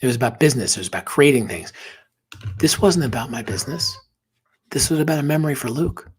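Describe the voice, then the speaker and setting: A man's voice: medium pitch, expressive, fast talker, slightly rough. A man guesting on a podcast, telling a personal story earnestly and emotionally, dropping to a whisper at tender moments.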